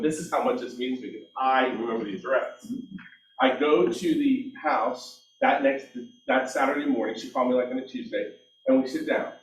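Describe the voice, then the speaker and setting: A man's voice: mid-range voice, a little hiss or hum. A middle-aged man leading a real estate team meeting, telling stories and acting out conversations. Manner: animated storytelling, acts out dialogue, self-mocking. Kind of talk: team meeting training talk. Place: meeting room. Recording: echoey room, distant mic.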